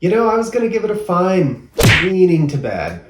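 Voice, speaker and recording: A man's voice: sits high, wildly swooping pitch, moderate pace, heavy background noise. Man chatting in a roomy space. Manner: chatty, laughs often, rambling asides. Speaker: co-host movie reviewer. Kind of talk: casual movie review chat. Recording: roomy, mic at a distance.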